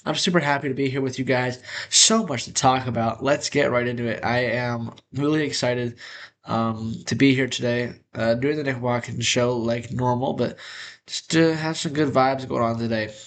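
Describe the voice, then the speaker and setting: A young man hosts his own sports show in an upbeat, energetic way. His nose is congested, so his voice comes out nasal. His pitch sits in an ordinary middle range for a man. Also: moderate pace. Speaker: host. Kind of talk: casual sports talk.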